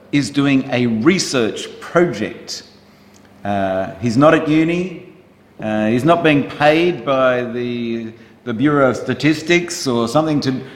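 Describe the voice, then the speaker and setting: A man preaching a sermon in church, chatting with the congregation and asking them questions in a conversational way. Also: medium pitch. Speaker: pastor. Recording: roomy church hall reverb.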